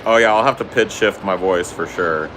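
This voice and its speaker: A man's voice: sits low, moderate pace, fairly bright tone, slight background noise. A man co-hosting a podcast in casual chat, crude and joking with frequent swearing. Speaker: podcast co-host.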